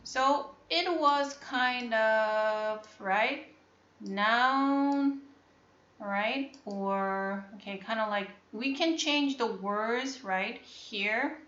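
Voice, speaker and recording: A woman teaching an online English class in a slow, patient way, repeating each word and asking whether the students follow. Her voice is bright and fairly high. The recording is muffled and echoes around the room. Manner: slow, repetitive, checking understanding.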